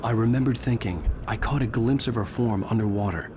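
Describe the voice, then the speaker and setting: A man's voice: fairly low pitch, brisk, noisy background, close to an everyday voice. An actor playing a haunted male novelist, narrating in a grave, reflective way over game music. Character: haunted male novelist searching for his lost wife. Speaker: narrator and lead character. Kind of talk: video game voice acting.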